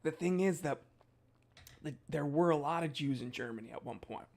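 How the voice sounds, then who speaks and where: A man's voice: fairly high pitch, moderate pace. Hyper joking young man on a livestream. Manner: goofy, hyper, jokey with sudden loud outbursts. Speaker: watch channel host. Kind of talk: casual livestream chat reading viewer comments.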